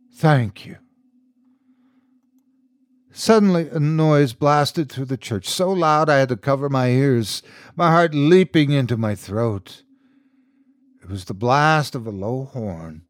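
A male host reading a scripted horror story in a measured, dramatic way. His pitch rises and falls expressively, and he takes his time. The sound is close and dry. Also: no room sound. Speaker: host and narrator.

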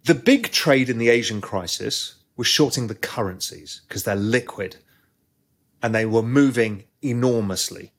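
Husky man telling a trading story. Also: medium pitch. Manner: animated anecdote-telling, quick asides. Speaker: guest, former trader. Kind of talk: storytelling interview.

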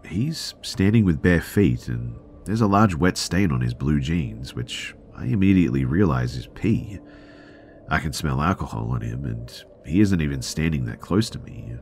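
A man reading a true scary story aloud in first person as a podcast narrator, at a steady, plain pace. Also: rumbling low, normal speed, slight background noise.

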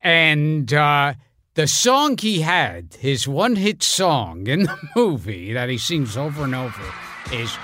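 A man co-hosting a podcast in a studio, chatting casually with a wry, drawn-out delivery. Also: a little high, very animated, bright, forceful tone, no echo, soft background music. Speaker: podcast co-host. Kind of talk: casual chat.

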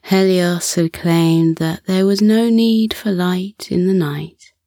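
A woman tells a children's bedtime story in a low, breathy half-whisper. She reads slowly and soothingly, close and dry against the mic. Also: steady tone, warm tone, no room sound.

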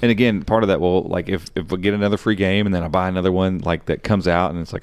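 Low-voiced man explaining on a podcast. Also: fast talker, hardly any pauses, smooth, no echo. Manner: relaxed, explanatory, many fillers. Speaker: podcast co-host. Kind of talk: casual tech podcast chat.

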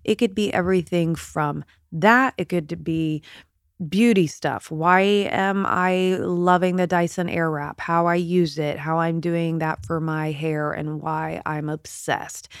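Woman podcasting from bed, lowish voice, chatty and a bit emotional, super dry sound. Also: no echo. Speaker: podcast host. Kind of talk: casual solo podcast talk. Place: in bed at home.

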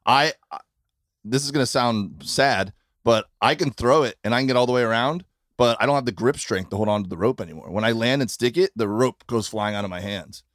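A man's voice: medium pitch, a little fast, fairly bright tone, no echo, studio quality. A middle-aged man with a Midwestern accent, a stand-up comic chatting on a podcast in an earnest, rambling way with lots of restarts. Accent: Midwestern American. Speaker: stand-up comedian. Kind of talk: casual podcast chat. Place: tour bus.

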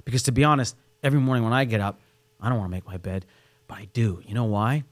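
Casting: man, mid-pitched voice, quick delivery, earnest podcast co-host. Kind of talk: casual chat.

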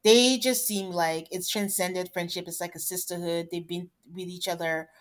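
A woman's voice: lowish voice, fairly even intonation, moderate pace. A woman co-hosting a podcast, chatting casually and retelling a reality show with quoted asides. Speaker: podcast co-host.

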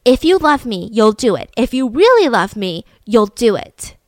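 A woman's voice: fairly high pitch, sing-song, normal speed, darkish tone, no room sound. A woman voicing a controlling, manipulative father who coaxes and insists. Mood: urgent. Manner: insistent, coaxing, urgent.

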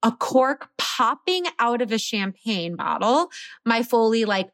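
A woman in her thirties casually telling her birth story as a podcast guest, animated and laughing often. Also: fairly high pitch, unhurried, no echo, studio quality.

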